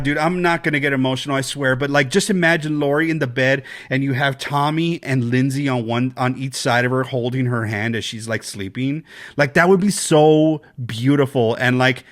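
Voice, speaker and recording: A man co-hosting a casual podcast, talking in an animated, excitable way and swearing freely. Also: normal speed. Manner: animated, excitable, swears, jumps to high pitch when quoting. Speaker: podcast co-host.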